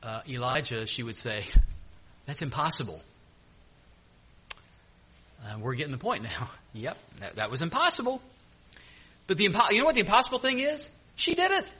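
A man preaching a sermon, retelling scripture with lively, joking asides between the verses he reads. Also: on the high side, fast, slightly rough.

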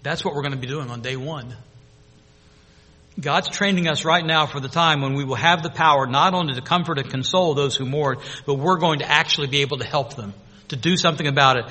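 A man preaching a sermon to his congregation, swinging between loud proclamation and hushed, intimate storytelling. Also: fairly high pitch, brisk, slightly rough, big-room sound. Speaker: pastor.

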